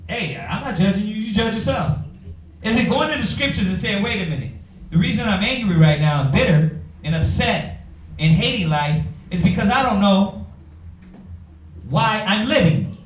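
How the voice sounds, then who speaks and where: A man's voice: high-pitched, animated, normal speed. A man teaching a Bible class in a preaching style, firing rhetorical questions at his listeners and calling on readers. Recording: echoey room from far off.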